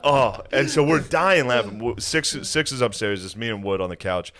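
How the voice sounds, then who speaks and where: Man, podcast host, casual storytelling, lively swings in pitch, acts out what people said, laughs a lot. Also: moderate pace.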